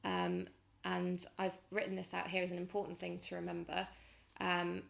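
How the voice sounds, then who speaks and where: A woman's voice: on the low side, completely flat delivery, normal speed, creaky, fairly bright tone. A woman, patiently explaining a grammar lesson step by step as a language teacher.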